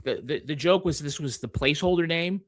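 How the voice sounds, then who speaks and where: A man with a Boston accent chats on a podcast as a guest author. His voice sits a little high for a man. He tells stories at length and goes along with jokes at his expense. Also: a little fast, dry recording. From Massachusetts. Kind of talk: casual podcast conversation.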